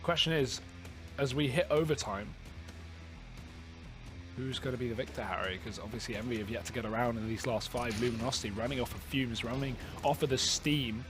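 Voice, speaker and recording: A man casting a competitive video game match, trading jokes with his co-caster and building excitement on big plays. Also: mid-range voice, brisk, over music. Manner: jokey banter, rising excitement on big plays. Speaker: esports caster. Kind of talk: play-by-play commentary.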